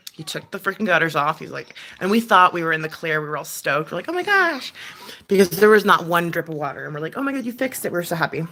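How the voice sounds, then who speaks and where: A woman's voice: deep voice, a bit bright. A young adult woman hosting a casual livestream chat from home, rambling and swearing with frequent laughs. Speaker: livestream host.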